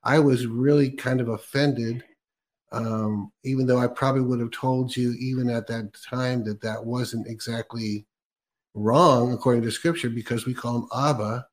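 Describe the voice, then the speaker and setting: A man's voice: mid-range voice, steady tone, moderate pace. A man hosting a casual faith interview, chatting with frequent laughs, fillers and restarts. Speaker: host.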